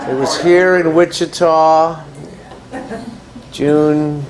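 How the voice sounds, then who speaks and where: A man's voice: on the high side, level tone, drawn-out words, a little hiss or hum. A man giving a conversational, joking after-dinner lecture as guest speaker in a large hall.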